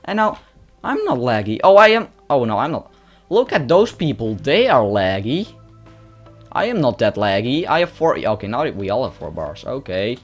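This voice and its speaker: A European man giving excitable live commentary on a game, talking to opponents and to his viewers. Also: mid-range voice, normal speed. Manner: excitable, talks to opponents and viewers, yelps at kills. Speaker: gaming YouTuber. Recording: music playing under voice.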